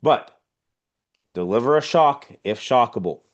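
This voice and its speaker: A man's voice: mid-range voice, lively intonation, unhurried, dull audio. A man teaching an online EMS class in a blunt, informal and emphatic way, heard over a video call. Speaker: EMS instructor. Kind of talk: casual online class lecture.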